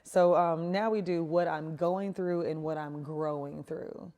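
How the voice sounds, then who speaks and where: A woman's voice: sits low, steady tone, unhurried, over loud music. A woman hosting a faith podcast, chatting casually, affirming her guest and reflecting on her own life. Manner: warm affirming listener, reflective. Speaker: podcast host. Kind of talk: casual chat.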